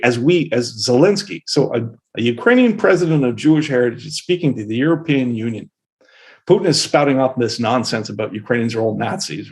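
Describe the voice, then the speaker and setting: A man's voice: medium pitch, darkish tone. A middle-aged man from Canada, a professor being interviewed, speaking bluntly and telling vivid anecdotes. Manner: blunt, outspoken, vivid storyteller. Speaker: professor guest. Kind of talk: interview answers.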